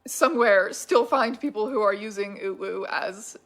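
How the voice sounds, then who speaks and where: A woman's voice: medium pitch, normal speed. A woman narrating a scripted internet-history video essay in a wry, explanatory way.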